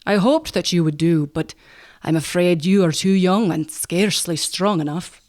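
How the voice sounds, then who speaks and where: A woman voicing a stern middle-aged male lumber boss, speaking in a measured, firm, explaining way. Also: on the low side, a little mellow, lightly acted.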